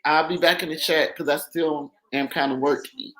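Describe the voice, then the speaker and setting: A woman's voice: low-pitched, steady tone, moderate pace. A woman guest on a casual livestream, emotional and effusive, overwhelmed by her own news. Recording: echoey room.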